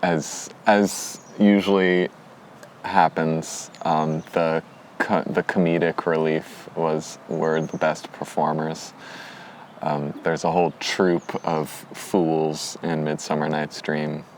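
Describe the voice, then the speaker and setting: A man's voice: very deep voice, flat delivery, slow, slight background noise. A man co-hosting a podcast in laid-back, rambling chat, laughing often. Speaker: podcast co-host. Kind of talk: casual chat.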